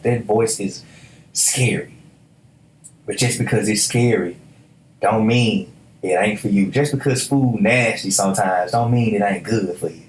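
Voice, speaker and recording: A young man gives a motivational talk on his own podcast, his voice sitting fairly low. He preaches in an emphatic, casual way, often stumbling into quick restarts before driving a point home. The room around him sounds echoey. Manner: emphatic, preachy, colloquial with repeated stammered restarts. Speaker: podcast host.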